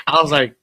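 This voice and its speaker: A man's voice: sharp tone, dry recording. Profane rambling man in casual chat. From Southern California. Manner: rambling, profane, mixes Spanish into English. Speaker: podcast co-host.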